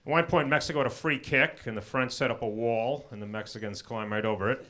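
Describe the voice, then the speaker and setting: Middle-aged man doing dry stand-up. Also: mid-range voice. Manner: dry, punchline-driven delivery with quick asides to the crowd. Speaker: stand-up comedian. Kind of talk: stand-up comedy set. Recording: loud background noise.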